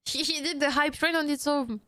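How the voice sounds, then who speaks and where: Girl streaming a game, reads the lines out loud and gets all excited, kinda high voice, dry close sound. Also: a little fast, no room sound. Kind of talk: game reaction stream, reading subtitles aloud.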